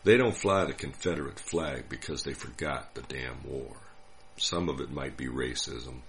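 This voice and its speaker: An older man from the United States telling a personal story in a dry, wry, unhurried way. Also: rumbling low, creaky, fairly bright tone, slight background noise. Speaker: narrator. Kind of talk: scripted storytelling.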